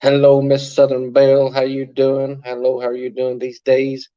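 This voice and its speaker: A man's voice: medium pitch, monotone, moderate pace, warm tone, muffled recording. Chatty man hosting a phone livestream. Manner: chatty, greets viewers by name, answers comments. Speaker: livestream host. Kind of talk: casual livestream chat.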